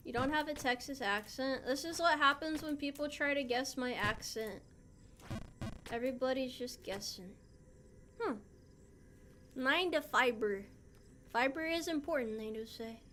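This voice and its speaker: Bright and forceful, this young woman's voice sits high and moves a little slowly, broken by long pauses, with slight background noise. She is a VTuber streaming a game and playfully answering her viewers' chat.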